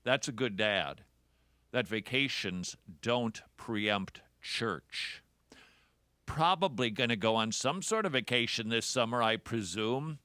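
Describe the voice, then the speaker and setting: A man's voice: mid-range voice, expressive, slow pace, sharp tone, no room sound, clean studio sound. A man hosting a radio talk show, delivering a sarcastic, jokey monologue. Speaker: host.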